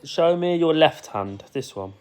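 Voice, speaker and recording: A man's voice: fairly high pitch, lively intonation, a little slow, darkish tone. A man playing with his young child, teasing in a sing-song way and often laughing. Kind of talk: playful talk with a toddler.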